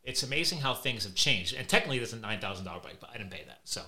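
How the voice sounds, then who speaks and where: A man hosting a podcast, telling animated, chatty anecdotes. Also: on the low side, rapid-fire. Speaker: podcast host. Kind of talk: casual conversation.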